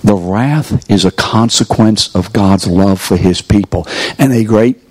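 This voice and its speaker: His pitch is fairly low and his pace a little slow, with a darkish, slightly rough tone and no room sound captured. The man is a preacher teaching a course, giving a sermon to a live room audience while pressing rhetorical questions and coaxing replies.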